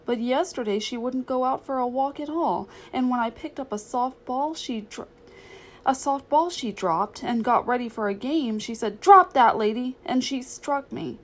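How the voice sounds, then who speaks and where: A woman voicing a gentle young female dog from a storybook, soft and sorrowful. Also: a little high, normal speed, voice pushed up, natural voice. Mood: sad, pleading.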